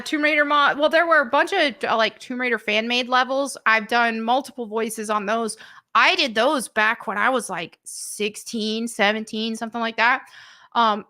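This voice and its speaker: A woman's voice: a little high, pushed and bright. A woman hosting a live stream, chatting casually and laughing often.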